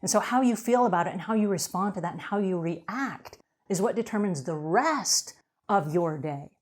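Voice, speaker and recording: A woman's voice: mid-range voice, lively intonation, moderate pace. A middle-aged woman giving an earnest motivational talk to cleaning business owners, often checking in with "okay?".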